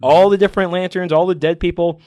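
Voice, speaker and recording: A man on a comic book podcast, chatting excitedly and emotionally, acting out scenes from the stories. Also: sits high, fast talker, no echo. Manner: emotional, animated, acts out comic scenes in voices. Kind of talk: excited casual chat.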